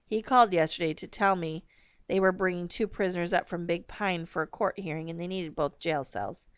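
A woman's voice: lowish voice, fairly quick, smooth, dry recording, clean studio sound, close to an everyday voice. A woman reading a terse, exasperated mother. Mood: stern. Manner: terse, cross. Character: stern, exasperated mother, calm and curt.

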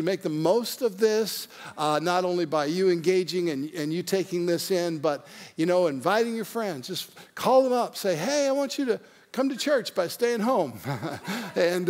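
A male pastor opening a sermon in a casual, chatty way, joking and using many fillers and restarts. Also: high-pitched. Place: church online service.

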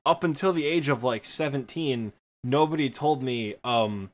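Michigan-accented man chatting casually. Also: mid-range voice. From Midwestern United States. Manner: rambling, self-deprecating, quick bursts with fillers. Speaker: podcast co-host. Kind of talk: casual chat.

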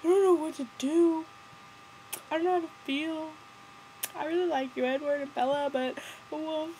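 A woman mimicking a sulky, unsure teenage boy werewolf in a high, whiny, mock-sad voice. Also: fairly even intonation, normal speed, warm tone, slight background noise, natural voice, poor audio. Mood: mopey.

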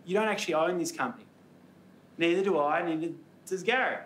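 A man's voice: fairly high pitch, a little fast, fairly bright tone, a little hiss or hum, lightly acted. A man plays an indignant young Australian shop worker who has had enough. He argues back with sarcasm, his voice ringing in an echoey room. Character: fed-up young male retail worker.

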